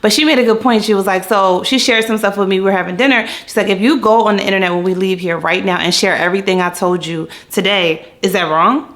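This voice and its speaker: A woman's voice: mid-range voice, quick pace, few pauses, fairly bright tone. A woman from Philadelphia talking candidly to her viewers in a casual vlog, playful and open, often acting out little quoted exchanges. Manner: chatty, candid, playful quoting voices. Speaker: vlogger. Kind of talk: casual vlog chat to camera.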